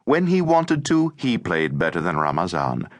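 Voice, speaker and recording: A man reading an audiobook in a measured, expressive scripted narration. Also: deep voice, dry recording.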